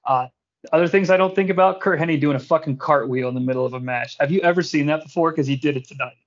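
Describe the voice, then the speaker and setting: A fairly high-voiced man chats about a wrestling show with animated, joking energy and drops casual swears. The recording sounds dull and lo-fi, like a home podcast. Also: fast talker. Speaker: podcast host. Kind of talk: casual wrestling recap chat.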